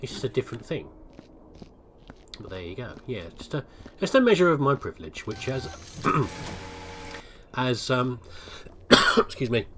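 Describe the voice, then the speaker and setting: With a mid-range, sing-song voice that is a bit bright, an older Englishman narrates his gameplay unhurriedly and pauses often. He rambles in a casual, self-deprecating way, repeatedly restarting sentences. The audio carries a little hiss or hum.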